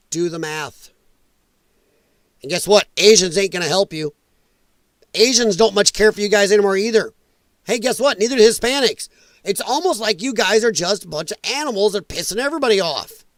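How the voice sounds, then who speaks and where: High-pitched man, commentary host, angry emphatic rant, dry close sound. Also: animated, moderate pace, pauses often, fairly bright tone, no room sound. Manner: emphatic, repetitive, angry ranting.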